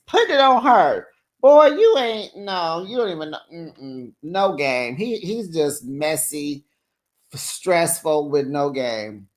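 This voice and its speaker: A woman giving a casual reality-show recap, sassy and animated, with a lively voice that swings up and down. She talks slowly and unhurriedly at a mid pitch.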